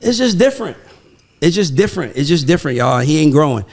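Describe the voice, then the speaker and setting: A man hosting a podcast in casual chat, talking in an animated, emphatic, profane way. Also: on the high side, fast talker. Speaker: podcast host.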